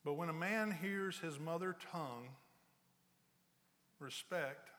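Pastor guy giving a sermon, bright forceful voice, gets loud telling stories then goes quiet and slow. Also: long reverb tail. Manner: storytelling, builds loud and high for anecdotes, drops low and slow for serious points.

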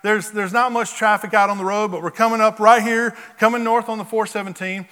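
A male pastor telling a story from the pulpit in an animated, repetitive storytelling manner. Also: high-pitched, fairly quick, clear, resonant tone. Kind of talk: sermon storytelling. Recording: long hall reverb.

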